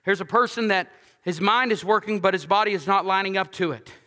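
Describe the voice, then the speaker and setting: A male pastor with a high, bright, forceful voice preaches in a lively, joking, conversational way. He drives points home by repeating lines, and his voice rings with the long reverb of a large church hall. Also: fairly quick. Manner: repeats key lines for emphasis. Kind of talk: sermon.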